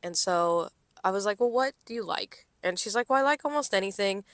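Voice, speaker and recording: A woman co-hosting a podcast in casual chat, answering with quick sarcastic remarks and laughs, then telling her own server story. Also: medium pitch, lively intonation, no echo.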